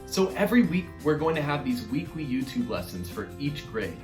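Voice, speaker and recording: A man teaching an online music lesson to young children, upbeat and encouraging, sometimes demonstrating hoots and squeaky voices. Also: big pitch swings, moderate pace, reverberant.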